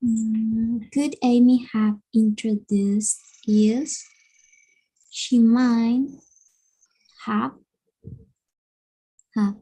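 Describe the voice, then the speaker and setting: A woman's voice: a little high, little pitch movement, very slow, mellow, slightly rough, rough recording. A woman whose first language is Spanish, practicing as a student in an English lesson, hesitant and repeating phrases.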